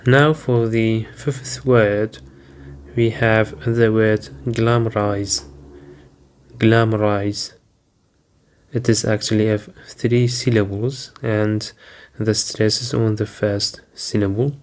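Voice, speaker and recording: Slow, flat-voiced male teacher. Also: fairly low pitch. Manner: slow, deliberate, with frequent "um" fillers. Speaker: English teacher. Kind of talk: vocabulary lesson.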